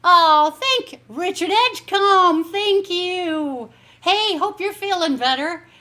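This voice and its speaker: Singer-host, female, high voice, unhurried chatty patter over piano. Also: animated, pushed and bright. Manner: chatty and meandering, thanks viewers by name. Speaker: singer hosting her own online concert. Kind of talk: casual chat between songs. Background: piano music.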